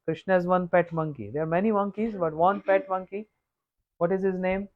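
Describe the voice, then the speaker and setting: A man telling a devotional story as a monk, unhurried and repetitive, often clearing his throat. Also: high-pitched, steady tone, dull audio. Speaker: monk giving a scripture talk. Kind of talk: sermon storytelling.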